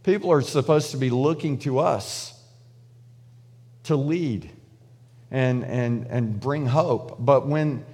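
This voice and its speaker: A man's voice: mid-range voice, slow pace, long pauses, darkish tone, in a large hall. A man preaching a sermon in a loose, conversational way, with frequent restarts and fillers, acting out prayers in paraphrase. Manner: acts out prayers and God's replies in paraphrase. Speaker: pastor.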